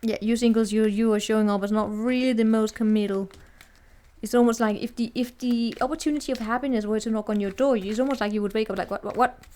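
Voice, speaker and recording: Woman, fairly high voice, tarot reader, casual and chatty, teasing, restarts sentences. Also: steady tone, fast talker, mellow. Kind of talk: casual tarot reading to camera.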